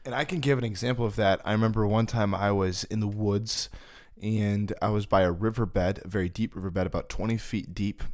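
Lower-voiced guy telling a personal story, gets really emotional and vivid. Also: steady tone, a little fast, a little mellow. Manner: vivid, emotional retelling of his own experiences. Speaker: podcast guest.

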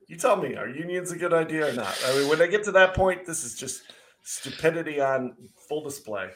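A middle-aged man co-hosting a casual chat, telling an animated, sarcastic story with mocking asides. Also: on the high side, brisk. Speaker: podcast co-host.

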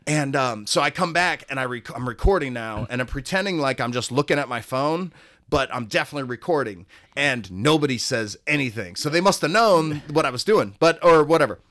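A man's voice: mid-range voice, fairly quick, no echo, clean studio sound. A man telling a long casual story as a guest, acting out the voices of people in it. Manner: animated, acts out voices of people in his stories.

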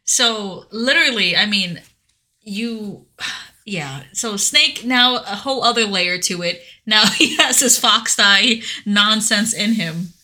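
A woman's voice: mid-range voice, expressive, takes it slowly, bright, forceful tone. A woman co-hosting a podcast, asking curious questions about a video game's story and laughing often in casual chat. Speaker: podcast co-host.

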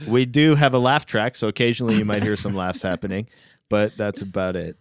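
A man's voice: lowish voice, fairly even intonation, brisk, no room sound, clean studio sound. Upbeat joking male podcast host. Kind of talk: casual podcast chat.

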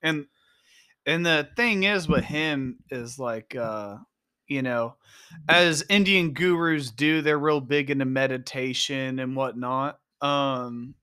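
A man's voice: mid-range voice, slow pace, pushed and bright, clean tone, no echo, studio quality. A young man co-hosting a casual podcast, talking loosely with swearing and lots of "like" and "whatnot". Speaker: podcast co-host.

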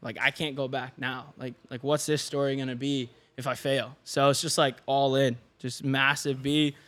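At normal speed and medium pitch, a young man guesting on a podcast tells a story in casual conversation. He's an online fitness coach, animated and quick to laugh, acting out whoever he quotes.

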